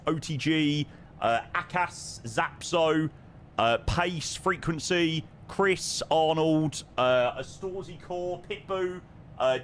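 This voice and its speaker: Man, London accent, live-stream chat, lively swooping voice, faint background hiss. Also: on the high side. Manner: chatty, reads viewer names and questions aloud. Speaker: flight sim streamer.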